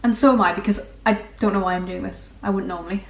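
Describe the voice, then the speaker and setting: A woman's voice: medium pitch, fairly even intonation, quick pace, vocal fry, roomy sound. A young woman walking through recipes in her home kitchen, chatty and self-mocking. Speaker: cooking vlogger. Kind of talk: casual recipe walkthrough.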